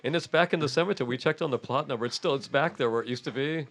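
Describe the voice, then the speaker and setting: A man's voice: medium pitch, racing. An older man telling wild stories on a podcast, laughing often and cursing freely as he goes. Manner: laughing often, animated, profane. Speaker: podcast guest, punk musician. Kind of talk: casual storytelling. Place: podcast studio.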